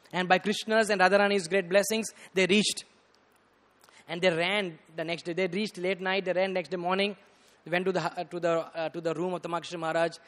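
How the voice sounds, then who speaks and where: A man preaching a storytelling sermon, animated and rising to loud bursts, often saying "you know". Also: high-pitched. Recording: reverberant hall.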